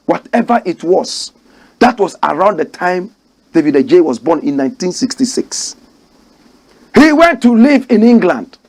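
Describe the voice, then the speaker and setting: A Ghanaian man delivers a fiery commentary monologue, firing off rhetorical questions and hammering points home by repeating them. His voice sits high and leaps around with animated swings in pitch. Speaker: commentary show host.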